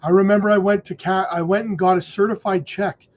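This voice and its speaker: A man hosting a crypto livestream, hoarse from losing his voice, talking emphatically and asking "okay?" and "right?" as he warns viewers. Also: high-pitched, little pitch movement, brisk, dull audio. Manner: emphatic, warning, says "okay?" and "right?" often. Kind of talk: casual livestream commentary.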